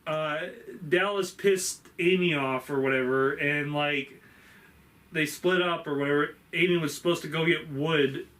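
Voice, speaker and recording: A man with a fairly high voice recaps a movie for a spoiler review, rambling and swearing freely. He acts out the characters' lines as he goes, in an offhand chatty way. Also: a bit bright. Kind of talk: casual spoiler review chat.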